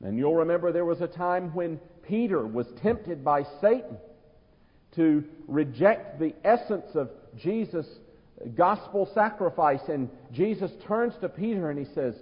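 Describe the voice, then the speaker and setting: Earnest male preacher, kinda high voice, big reverby church, dull muffled sound. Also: animated. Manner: earnest, emphatic, slows for quoted words. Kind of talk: sermon.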